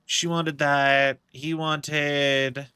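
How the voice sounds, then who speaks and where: A game streamer with a fairly high, very bright, sharp-edged voice drifts through casual gaming commentary, thinking aloud and linking ideas with lots of filler words. His delivery is flat, very slow and smooth, with no room sound.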